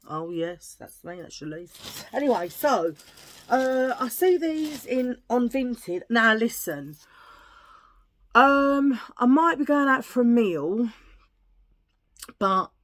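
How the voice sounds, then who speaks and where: A woman's voice: a little high, lively intonation, takes it slowly, long pauses, fairly bright tone. Chatty, joking British woman vlogger. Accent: British English. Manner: chatty, jokey, rambling, self-mocking. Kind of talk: casual haul chat to camera.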